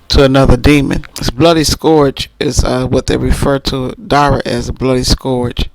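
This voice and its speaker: A man's voice: mid-range voice, flat delivery, normal speed, vocal fry, hardly any pauses, no room sound, rough recording. A man reviewing a book, casually retelling its plot in detail and often restarting his phrases.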